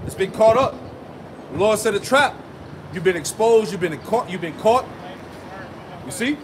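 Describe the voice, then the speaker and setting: A man's voice: high voice, expressive, normal speed, background noise. A man preaching a street sermon, reading scripture and adding emphatic asides with rhetorical "right?" and "man.".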